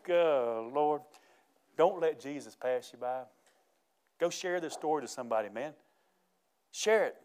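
Animated preacher man. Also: a little high, measured pace, long pauses, smooth. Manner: folksy, animated preaching with laughter. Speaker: pastor. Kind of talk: sermon.

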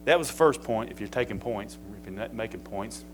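A man's voice: fairly low pitch, lively intonation, fairly quick, soft background music, low-quality recording. A man preaching a sermon as pastor, in a folksy, conversational way that builds to emphatic peaks.

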